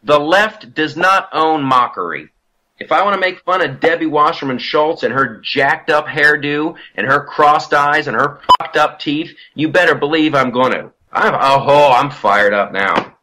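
A man hosting a casual political podcast, animated and profane as he rants. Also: a little high, normal speed, a little hiss or hum. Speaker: podcast host.

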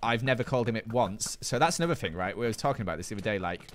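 A man's voice: on the low side, expressive, racing, a little hiss or hum. Playful British man streaming live. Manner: chatty, playful, jokey banter with chat. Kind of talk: live gaming stream, reading chat aloud.

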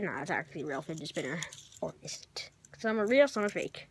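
A woman's voice: low-pitched, animated, quick pace, a little hiss or hum. Rambling young vlogger girl in her bedroom. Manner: rambling, self-mocking, trailing off with sighs and whispers. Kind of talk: rambling casual vlog to camera. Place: bedroom, on a bunk bed.

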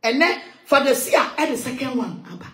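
A woman ranting loudly in a heated monologue, switching between English and Twi, with shouting and sing-song outbursts. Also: high-pitched, a little fast, roomy sound. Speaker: social media commentator.

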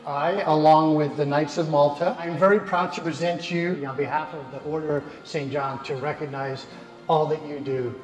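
A man speaking from a stage with heartfelt feeling, his voice a bit high for a man. The sound rings through a big echoing hall with a long reverb tail. Soft music and a crowd sit faintly behind him. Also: steady tone, normal speed. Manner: heartfelt, sometimes choked with emotion. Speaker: speaker presenting awards at a company gala. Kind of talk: emotional ceremony speech. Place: large banquet hall on stage.

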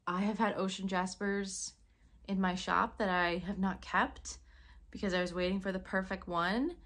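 A woman who owns a crystal shop, gushing over her unboxing in a casual vlog and often dropping into a hush. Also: lowish voice. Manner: gushing, breathy exclamations, drifts into whispers.

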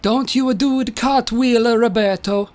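A woman's voice: on the high side, unhurried, darkish tone, pitched above the performer's own voice, close to an everyday voice. A woman voicing a grumpy, self-pitying old male inventor who whines when he is upset. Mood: warning. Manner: whiny, exasperated.

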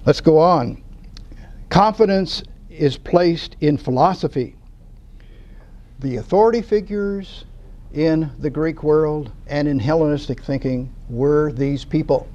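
A man lectures a church Bible study group in a folksy, unhurried way, tossing in casual asides as he walks the class through their sheets. His voice sits a little high for a man yet sounds mellow and dark. The recording is dull and lo-fi. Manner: slow, folksy teaching with asides.

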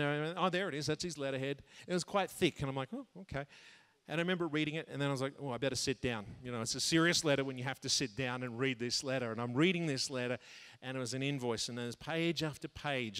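A man telling a personal story in a sermon to a men's conference, animated, jumping high when he acts out his own thoughts and laughing at himself. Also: smooth. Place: large conference hall. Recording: long hall reverb.

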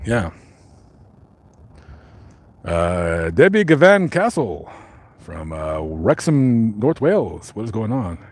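Rambling, animated man reading live chat. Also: lowish voice, slow, long pauses, breathy edge. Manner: rambling, joking, lots of fillers and restarts. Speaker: live stream host. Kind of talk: casual live chat, reading viewer comments.

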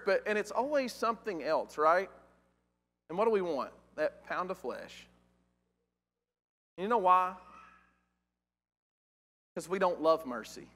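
High bright-voiced preacher in a reverberant hall. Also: male voice. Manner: animated, rhetorical questions, rising emphasis. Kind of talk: sermon. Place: church auditorium.

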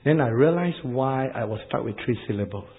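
A man with an Asian accent preaching a sermon, animated and repetitive, laughing at his own jokes. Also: mid-range voice, a little fast, phone-quality sound.

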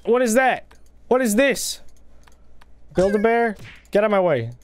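Excitable young man, high lively voice. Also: unhurried, slight background noise. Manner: excitable, gasping and exclaiming, playful taunts. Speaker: gaming video host. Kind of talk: casual gameplay commentary. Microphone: desk microphone.

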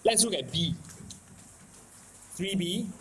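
In a classroom lecture, a Singaporean math teacher speaks slowly in a fairly high voice with lively intonation and wide pitch swings. He repeats points for emphasis and keeps checking that students follow with "okay? can?". The recording is rough.

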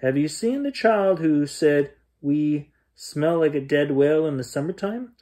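A man reading aloud and voicing sinister sea-ice creatures that snatch children, with slow, menacing questions. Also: fairly high pitch, expressive, mellow.

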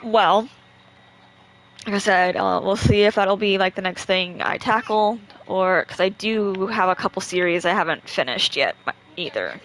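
Medium-pitched and fairly bright, an unhurried woman laughs a lot while chatting with her co-host and audience during a home game stream. The low-quality audio carries faint background noise.

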